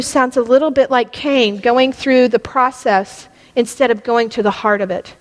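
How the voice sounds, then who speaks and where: A middle-aged woman teaching a Bible lesson in a church hall, impassioned and pressing her points, rising almost to a yell. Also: a little high, steady tone, normal speed. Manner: impassioned, rising to near-yelling at peaks. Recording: long hall reverb.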